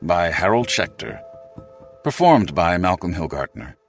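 Deep, expressive male audiobook narrator. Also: a little slow, soft background music. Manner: expressive, emphatic storytelling. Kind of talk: scripted nonfiction narration.

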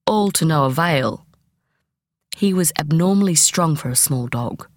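A woman reads a memoir aloud as an audiobook, measured and expressive. Her voice is low and deep for a woman. The recording is close and dry, with no room sound. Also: dry recording. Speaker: audiobook reader. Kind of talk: audiobook narration.

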